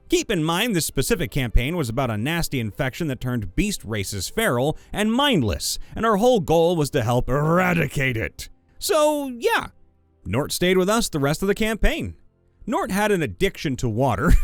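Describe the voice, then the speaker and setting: A man reads viewer stories aloud with playful asides, his voice rising a little above the usual pitch and swinging widely. The sound is dry and close, with soft music under it. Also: dry recording. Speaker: story channel narrator.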